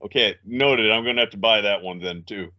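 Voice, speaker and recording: A man co-hosting a podcast, throwing sarcastic jabs and quick comebacks in casual banter. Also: on the low side, dull audio. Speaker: podcast co-host.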